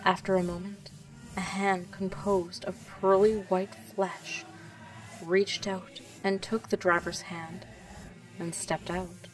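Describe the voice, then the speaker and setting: A woman reading a fan story aloud in a calm, quiet voice. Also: on the low side, slow pace, recorded from a distance, faint music behind, poor audio.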